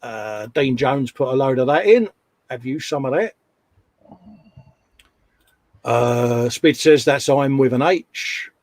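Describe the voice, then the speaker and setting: A man's voice: mid-range voice, lively intonation, slow pace, long pauses, a little mellow, no echo. A man co-hosting a live stream, casually chatting and reading out viewer messages with a jokey, laughing manner.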